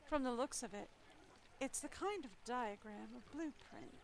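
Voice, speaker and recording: A woman's voice: on the high side, animated, measured pace, slight background noise, poor audio. A young woman streaming, reading a story game aloud with playful, wry asides.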